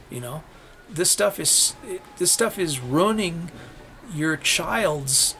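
A man's voice: on the high side, gravelly, a bit bright, slight background noise. Profane ranting man. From United States. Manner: profane, ranting, repeats rhetorical questions. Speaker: vlogger. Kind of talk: angry political rant.

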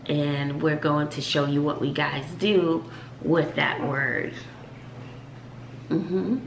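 Soft-spoken mom, low voice, echoey room. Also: female voice, steady tone, slow pace. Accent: Texan. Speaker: mom and channel host. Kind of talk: casual family chat. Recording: echoey room with faint noise.

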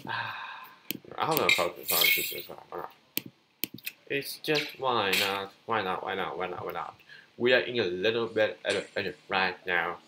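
A man giving casual, excitable commentary over his own card game, repeating himself and calling out to his opponent. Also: deep voice, normal speed, noisy background. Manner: excitable, repeats phrases, talks to opponents on screen. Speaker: gameplay commentator. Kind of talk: casual live gameplay commentary.

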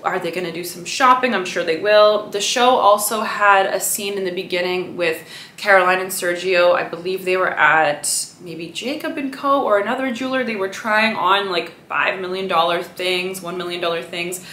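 A woman's voice: on the low side, moderate pace, pushed and bright, roomy sound, slight background noise. A young woman from Canada chatting casually to camera as a vlogger, full of "like" and "you know" fillers.

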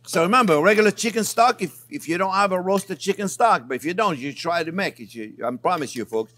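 A man's voice: sits high, a little fast. A man hosting a cooking show in a kitchen, chatty and enthusiastic, talking to his viewers as friends. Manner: animated, enthusiastic. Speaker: chef and cooking show host. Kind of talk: cooking demonstration.

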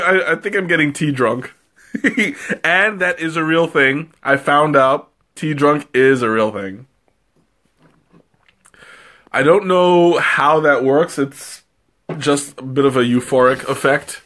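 Tasting spicy tea on a live stream leaves this man with a runny nose as he chats in a rambling, giggly, self-mocking way. His mid-range voice sounds pushed and bright.

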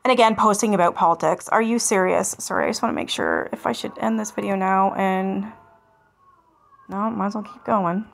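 A woman's voice: medium pitch, expressive, normal speed, creaky. A woman hosting a commentary channel, reading online comments aloud and answering them with sarcasm and swearing. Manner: sarcastic and scornful, swears freely.

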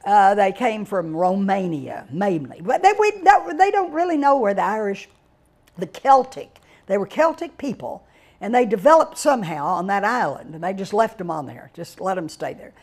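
A woman's voice: mid-range voice, big pitch swings, a little mellow. Rambling older woman storyteller. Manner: digressive, with dramatic exclamations and drawn-out words. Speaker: guest speaker reviewing a book.

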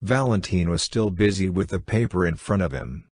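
A man narrating a classic story as an audiobook reader, in a measured, even way. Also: deep voice, no echo, clean studio sound.

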